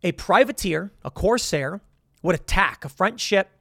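A man with a notably high voice delivers an opinionated commentary monologue. He is blunt and sarcastic and argues his points with rhetorical questions. The recording is close and dry. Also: animated, unhurried, creaky, a bit bright, dry recording. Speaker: political commentator.

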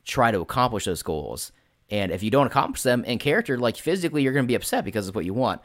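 A man's voice: medium pitch, very animated, quick pace, dry recording, clean studio sound. A man in casual chat about tabletop role-playing, rambling and swearing freely. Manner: rambling, swears casually, acts out quotes in put-on voices.

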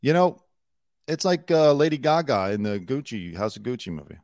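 A man's voice: medium pitch, big pitch swings, fairly quick, darkish tone, dry recording, clean studio sound. A man hosting a casual celebrity news show, talking bluntly and sarcastically and swearing now and then.

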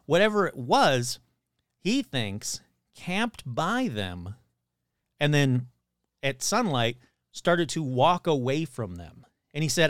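A man with a slightly higher voice retells a story he heard, casual and animated. He jumps into the voices of the people in it and swears without a second thought. The recording is close and dry, with no room sound. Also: unhurried, smooth, dry recording.

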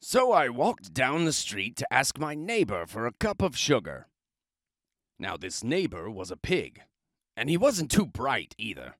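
Expressive man reading a storybook. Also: medium pitch, a little slow, no echo, clean studio sound. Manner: expressive, chatty and self-justifying. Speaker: storybook reader. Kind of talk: children's book read-aloud, first-person wolf narration.

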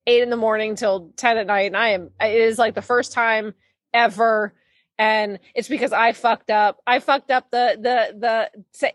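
A woman's voice: on the high side, steady tone, unhurried, no echo, clean studio sound. A woman co-hosting a podcast in casual chat, venting in an exasperated, profane way. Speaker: podcast co-host. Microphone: podcast microphone.

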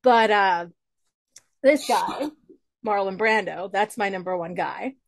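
Lively woman telling stories, dry close mic. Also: mid-range voice, slow, gravelly, no room sound. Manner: lively, swears casually. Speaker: interview guest. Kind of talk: casual storytelling chat.

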